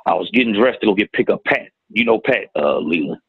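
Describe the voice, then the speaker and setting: Middle-aged guy, gravelly kinda low voice, halting personal story, tinny dry audio. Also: expressive, no echo. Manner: plain-spoken, halting, retells dialogue. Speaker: guest telling his story.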